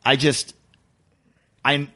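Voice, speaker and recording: A man hosting a podcast, telling excited stories in casual, swearing chat. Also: mid-range voice, extremely slow. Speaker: podcast host.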